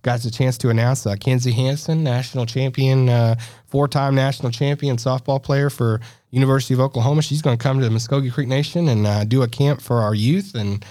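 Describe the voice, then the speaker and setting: A man's voice: mid-range voice, steady tone, brisk, dark tone, no echo. A man co-hosting a casual podcast chat, talking loosely with lots of fillers, restarts and easy laughs. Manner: chatty, laughs often, many fillers and restarts. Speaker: podcast co-host. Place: podcast studio.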